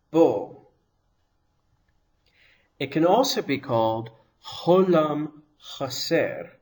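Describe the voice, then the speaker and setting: Slow, patient male language teacher. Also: a little high, darkish tone. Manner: patient, deliberate, pronounces each sound slowly. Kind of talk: slow, careful language lesson.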